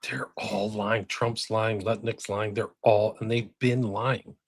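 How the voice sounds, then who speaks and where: A man's voice: fairly low pitch, flat delivery, takes it slowly, no room sound, studio quality. A man speaking as a podcast guest, emphatic and full of "like"s. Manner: emphatic, peppered with "like". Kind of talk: casual podcast conversation.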